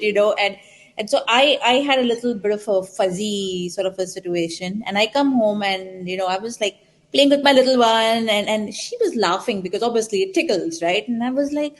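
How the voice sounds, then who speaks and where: A woman's voice: mid-range voice, normal speed, poor audio. A woman on a podcast panel, telling a story with frequent laughter in casual chat.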